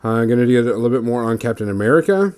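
A man's voice: mid-range voice, rapid-fire. A man co-hosting a casual podcast stream, talking loosely with many fillers while he paints miniatures. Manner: relaxed, rambling, many fillers. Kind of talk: casual livestream chat.

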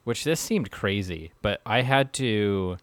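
Wry, low-voiced man on a podcast. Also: expressive, slow, no echo. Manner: wry, jokey, laughs often. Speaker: podcast co-host. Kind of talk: casual chat.

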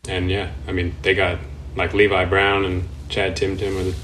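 A man's voice: low voice, monotone, moderate pace, a bit bright, a little hiss or hum, low-quality recording. A man talking as a podcast guest in a laid-back, casual way, swearing freely and laughing often. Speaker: podcast guest, professional skateboarder. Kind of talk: casual chat.

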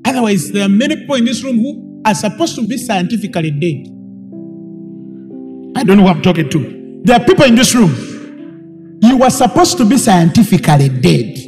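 A man preaches a sermon to a room full of people. His voice is strikingly high and very lively, and he builds emphatically into shouted, repeated lines. Music plays clearly behind him. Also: moderate pace, long pauses. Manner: emphatic, rising to shouts, repetitive. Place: church hall with congregation.

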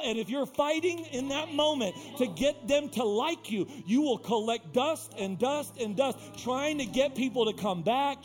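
A male pastor with a high, light voice delivers a fervent sermon in a church sanctuary. He calls members of the congregation by name and hammers his key lines through repetition, moving between quiet stretches and loud ones. Soft music plays faintly behind him. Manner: impassioned, repetitive preaching that swings from hushed to loud; talks directly to the congregation by name. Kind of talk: live sermon.

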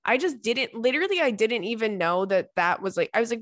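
A woman's voice: on the high side, expressive, fast, hardly any pauses, fairly bright tone, dry recording, studio quality. A young woman hosting a podcast, chatting casually and rambling through listener messages with lots of fillers. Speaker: podcast host.

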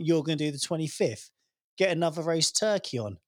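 Brief: bantering British co-host, a bit higher-pitched, dry close recording. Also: male voice, expressive, a little fast, no room sound. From Britain. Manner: teasing, banter, calls people mate. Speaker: podcast co-host. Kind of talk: casual chat.

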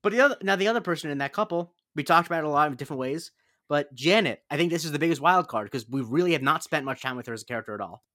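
A man's voice: a little high, expressive, very fast, sharp tone, no echo, clean studio sound. A man co-hosting a podcast in casual chat, rambling and opinionated with frequent restarts. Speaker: podcast co-host.

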